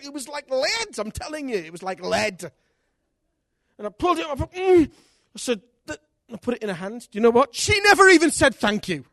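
A man preaching a sermon in an animated, candid way, with self-mocking humor. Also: extremely high pitch, a little fast, dry recording, clean studio sound. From Britain. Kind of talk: sermon with personal storytelling.

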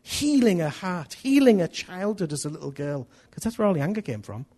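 A middle-aged man delivers a sermon with animated storytelling. His voice sits a little high and sounds husky. He acts out small scenes of dialogue as he preaches. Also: a little fast. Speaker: pastor.

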